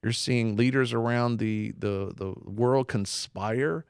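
A man's voice: medium pitch, slow pace, creaky, clean tone, no echo, studio quality. A man co-hosting a Christian talk show, preaching earnestly in casual conversation and acting out quotes. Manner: earnest, animated, acts out quotes.

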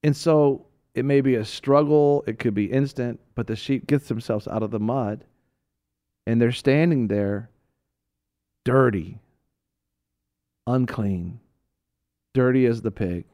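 A man co-hosting a Christian talk show, teaching in casual chat as an animated storyteller who laughs often. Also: medium pitch, slow, pauses often.

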